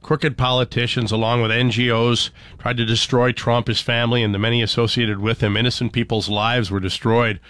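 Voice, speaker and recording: A man's voice: mid-range voice, level tone, a little fast, hardly any pauses, fairly bright tone, dry recording. A man hosting a morning radio show in a studio, chatting casually and rambling with lots of fillers and restarts.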